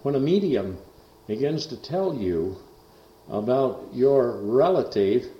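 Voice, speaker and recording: A man preaching in a folksy, rambling way, full of fillers and asides, who rises to loud, emphatic bursts on scripture. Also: medium pitch, expressive, slow. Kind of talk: folksy sermon storytelling. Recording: roomy, dull lo-fi recording.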